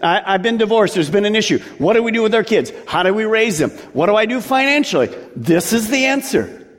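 Lively, high-voiced male preacher in a hall. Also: fairly quick. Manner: emphatic preaching, draws out key words. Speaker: pastor. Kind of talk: sermon. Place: church sanctuary. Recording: long hall reverb from a church.

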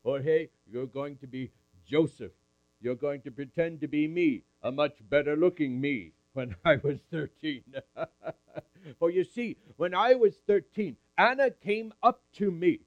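A man's voice: on the high side, unhurried, no room sound, dull audio. A man at a camp meeting, telling a Bible story in character in the first person and calling up audience volunteers. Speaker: camp speaker.

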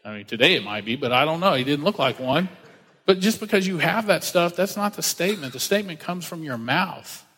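A pastor delivers a relaxed, conversational sermon in a man's voice that sits a little high, brisk and slightly rough. He tells stories with animation, acting out the quoted voices as he goes. A long reverb makes it sound like a large hall.

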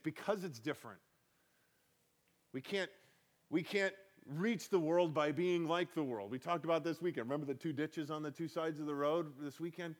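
Male pastor, slightly higher voice, casual sermon delivery with emphatic rises and quick laughs. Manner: conversational preaching with laughs and emphatic swells.

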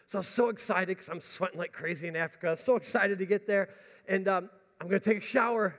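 A man with a fairly high voice tells a story from the pulpit, poking fun at himself as he goes. His delivery is animated and lively. The sound rings with the long reverb of a large hall. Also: fast. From United States. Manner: animated, self-mocking storyteller. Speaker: pastor. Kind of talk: sermon storytelling.

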